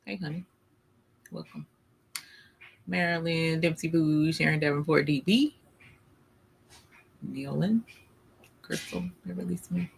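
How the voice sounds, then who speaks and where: A man's voice: fairly high pitch, unhurried, gravelly, long pauses, a little hiss or hum. A man hosting a casual livestream, greeting viewers by name and talking with playful exasperation. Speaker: livestream host. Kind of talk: casual live-stream chat with viewers.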